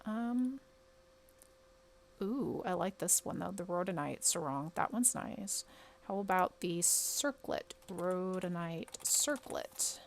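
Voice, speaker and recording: A woman playing a game and talking it through casually, muttering to herself and breaking into quick exclamations. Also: on the low side, lively intonation, gravelly, a little hiss or hum. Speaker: game streamer. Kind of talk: casual commentary while playing.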